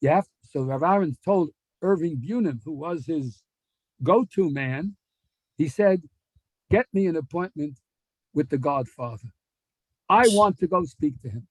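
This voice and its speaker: A man telling a story in a Torah class, animated and acting out the dialogue. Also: sits high, moderate pace, no room sound, rough recording. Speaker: rabbi giving a Torah class.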